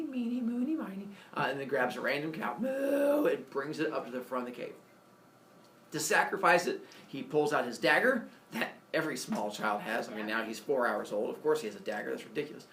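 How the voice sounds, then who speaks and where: A man casually retelling a myth as a comedy story, animated, with jokey asides and lots of fillers. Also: medium pitch, fairly quick, slight background noise. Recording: echoey room, mic far off.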